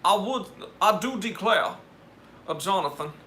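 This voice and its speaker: A man doing a mock impression of a proper Southern gentleman with an exaggerated drawl. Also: high-pitched, lively intonation, unhurried, a little hiss or hum, heavily acted. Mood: genteel.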